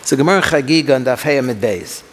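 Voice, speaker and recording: A middle-aged man teaching a text class, reading Hebrew passages aloud and translating them, halting with fillers and restarts. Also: medium pitch, animated, slight background noise. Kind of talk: lecture reading and translating Hebrew and Aramaic texts. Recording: long hall reverb.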